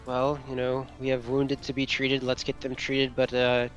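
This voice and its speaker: A man's voice: medium pitch, monotone, normal speed, faint music behind, natural voice, rough recording. A man voicing a practical, commanding male ship captain in a tabletop game. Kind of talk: tabletop game role-play.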